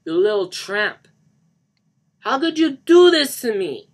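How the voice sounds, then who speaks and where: A man's voice: high voice, big pitch swings, slow pace, pitched above the performer's own voice, heavily acted. A man voicing a betrayed, furious lover who wails and screams his anguish.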